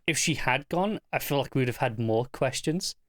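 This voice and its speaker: A man's voice: medium pitch, lively intonation, moderate pace, a bit bright, no echo, studio quality. Stammering man co-hosting a TV review. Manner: stammering restarts, emphatic. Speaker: TV review podcast co-host. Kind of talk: casual chat.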